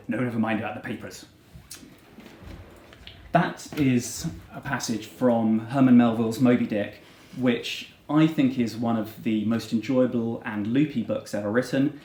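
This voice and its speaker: A man's voice: mid-range voice, measured pace, warm tone, reverberant, a little hiss or hum. A man teacher giving a dramatic reading of a classic novel, putting strong emphasis on the characters' lines.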